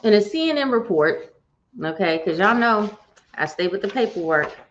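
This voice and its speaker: A woman's voice: mid-range voice, lively intonation, moderate pace. A woman hosting a live-streamed morning show, chatty and folksy, talking straight to her viewers. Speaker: host. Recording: dull lo-fi stream audio.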